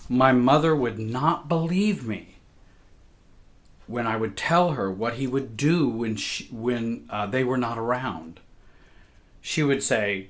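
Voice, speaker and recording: A man reading a personal account aloud in a measured, emotional way. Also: mid-range voice. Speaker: therapist and show host.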